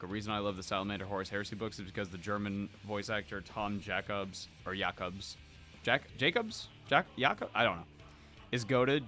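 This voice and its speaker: A man's voice: lowish voice, a bit bright. Man talking loose and profane, faint music. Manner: loose, rambling and profane, with lots of "like" and "I don't know". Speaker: podcast co-host. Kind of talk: casual chat reading out viewer comments.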